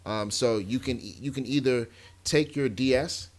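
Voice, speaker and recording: A man co-hosting a podcast in casual chat, telling stories in a laid-back way with lots of restarts. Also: mid-range voice. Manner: laid-back, drawn-out storytelling with repeated restarts. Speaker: podcast co-host.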